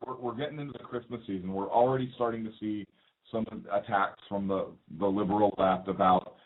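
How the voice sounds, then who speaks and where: A man's voice: on the low side, steady tone, a little fast. A man co-hosting a political talk radio show, joking and quizzing his partner, often restarting his sentences. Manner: joking, questioning, repeats himself. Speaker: co-host. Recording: tinny phone-like audio.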